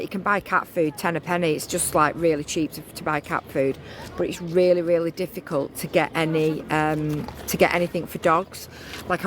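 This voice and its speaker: A woman's voice: lowish voice, fairly bright tone, a little hiss or hum. Chatty woman vlogging on a beach. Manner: chatty, rambling, many restarts and fillers. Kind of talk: casual outdoor vlog. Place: outdoors on a beach.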